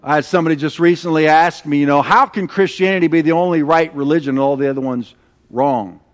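A middle-aged man preaching a sermon, telling stories with animated, acted-out quotes. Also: fairly high pitch, fast. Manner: animated storytelling, acting out quoted voices. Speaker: pastor.

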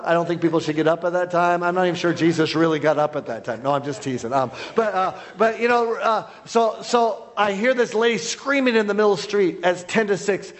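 A man who is a guest preacher, telling a story in a sermon, loud, with many repeated restarts. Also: sits high. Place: church hall. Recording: long hall reverb.

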